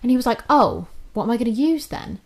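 Young girl telling a story, animated, sweary, acts out the quotes. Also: on the high side, fast, vocal fry. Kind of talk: casual storytelling chat.

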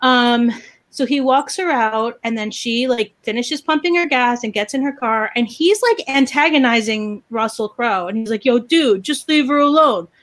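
A woman chatting casually as a podcast host, ranting in an animated, opinionated way. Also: on the high side, moderate pace. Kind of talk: casual chat.

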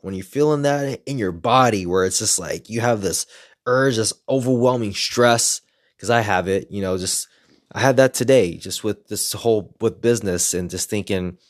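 A man's voice: on the low side, no echo, studio quality. A man speaking frankly and reflectively in a casual personal monologue, swearing often as he shares his own experiences. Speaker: self-help creator.

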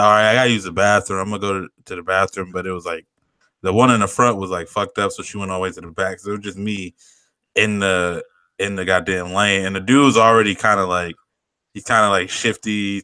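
Young male podcast co-host, bright and dry close-mic sound, loose rambling storyteller who swears freely. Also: low voice, fairly even intonation, quick pace, clean tone, no room sound. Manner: rambling, laughing, swearing a lot. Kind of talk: casual chat, storytelling.

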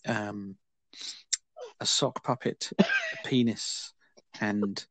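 A man's voice: on the low side, fairly even intonation, very slow, fairly bright tone, no echo. A man hosting a casual film review chat, talking with dry, wry understatement. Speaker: podcast host.

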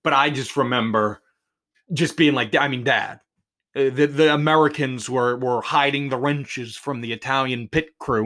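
Man in his 20s from New Jersey, solo podcast host; rambling, sarcastic rants, bright voice. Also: medium pitch, fairly even intonation, normal speed. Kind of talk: solo rambling comedic monologue.

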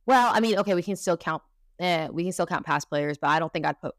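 A young woman co-host with a slightly low voice, chatting in a relaxed way full of fillers and restarts. She sounds dry and close, with no room around her. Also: quick pace, no echo. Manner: relaxed, filler-heavy, self-correcting. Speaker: podcast co-host. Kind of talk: casual chat.

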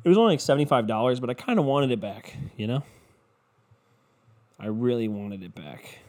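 A man's voice: mid-range voice, animated, fairly quick, a little mellow. A man hosting a podcast on his own, ranting casually and profanely in a loose, comedic style. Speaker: podcast host.

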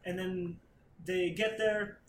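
A man's voice: high voice, steady tone, slow, fairly bright tone, slight background noise. A man on a podcast casually recapping a comic plot, rambling and swearing, acting out characters' lines. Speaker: podcast co-host. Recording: roomy echo.

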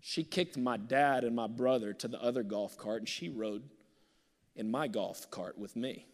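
A male pastor preaching a sermon, swinging from loud bursts to hushed, near-whispered passages. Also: medium pitch, measured pace. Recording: long reverb of a large hall.

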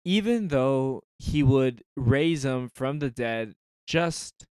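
Male co-host, slow halting delivery, earnest, clean and dry sound. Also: medium pitch, animated, a little mellow, clear, resonant tone, no room sound. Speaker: podcast co-host. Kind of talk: casual faith discussion.

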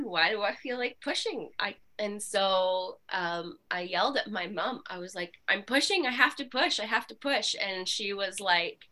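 A woman guest on a podcast recounts her story candidly. Her voice has a bright, crisp edge, and she talks in an animated way with many fillers. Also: medium pitch. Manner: animated, with frequent fillers and laughs.

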